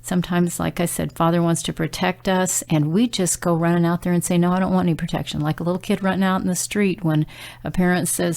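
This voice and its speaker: A woman's voice: fairly low pitch, gravelly, a little mellow. A middle-aged woman sharing a devotional message in an earnest, conversational way, telling stories with frequent fillers. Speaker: Christian prophetic speaker.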